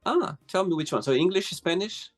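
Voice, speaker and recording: A male host leads a remote interview, reacting to each answer with quick, expressive exclamations. His voice is fairly high and moves widely in pitch, with faint music underneath. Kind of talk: interview questions. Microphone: remote call.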